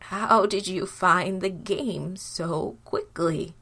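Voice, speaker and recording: Woman voicing a shaky, slow old father. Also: on the low side, bright, forceful tone, husky, exaggerated voice. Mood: suspicious. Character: frail old blind father, anxious and grieving.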